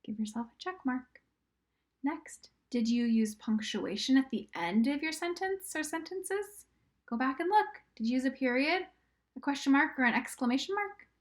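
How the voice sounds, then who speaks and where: A fairly high-pitched woman leads a recorded literacy lesson for young children. She's patient and encouraging, drawing out each word slowly and occasionally slipping into a whisper.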